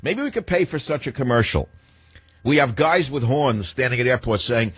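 A man's voice: medium pitch, animated, moderate pace, husky, no echo. Sardonic older man hosting talk radio. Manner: rambling, sardonic, acts out inner voices. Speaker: radio talk show host. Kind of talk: talk radio monologue and calls.

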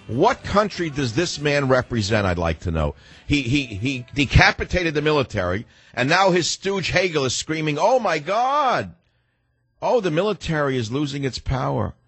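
A man's voice: mid-range voice, breathy edge, no echo. An older man hosting a talk radio show, ranting sarcastically with mocking rhetorical questions. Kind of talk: combative talk radio monologue.

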